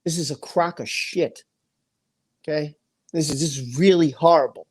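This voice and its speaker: A man's voice: a little high, normal speed, breathy edge. A man hosting a livestream, ranting with anger and emotion, repeating phrases and reading chat comments aloud. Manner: angry, impassioned, repeats phrases. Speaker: livestream host.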